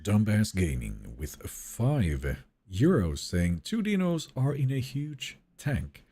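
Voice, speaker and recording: A man's voice: on the low side, wildly swooping pitch, takes it slowly, mellow, slightly rough. A man streaming a game live, chatting casually and reading viewer messages aloud in a wry, joking way that trails off into mumbles.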